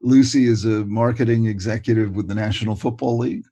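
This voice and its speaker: A man's voice: lowish voice, steady tone, quick pace. Older man, chatty, lots of "you know". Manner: warm, enthusiastic, repeats words and says "you know" a lot. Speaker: guest ADHD expert. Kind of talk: casual interview chat.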